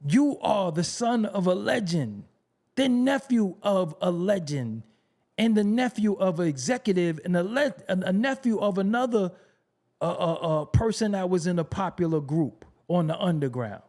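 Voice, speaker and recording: A man hosting his own commentary channel, talking in an emphatic, profane, conversational way, repeating phrases for effect and dropping low for serious asides. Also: expressive, normal speed, darkish tone. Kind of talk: opinionated commentary.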